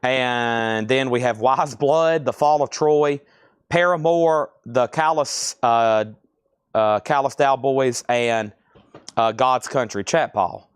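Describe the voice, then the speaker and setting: A man's voice: medium pitch, slow, smooth, no echo, studio quality. A man hosting a live record-sale stream, reading out items, prices and bids in a chatty, self-deprecating way.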